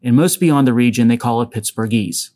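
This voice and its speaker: A man's voice: mid-range voice, fairly quick, mellow. A man from Western Pennsylvania hosting a solo podcast, talking casually with wry asides and a faint, mostly masked local accent. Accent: Western Pennsylvania, softened. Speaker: podcast host.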